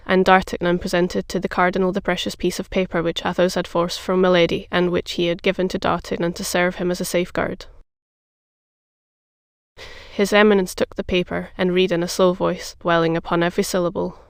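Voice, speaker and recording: A narrator reads a classic adventure novel in an even, measured voice with a gravelly edge. The delivery stays flat and smooth. The sound is dry and close, with no room around it. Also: mid-range voice, dry recording. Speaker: audiobook narrator. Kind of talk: scripted narration.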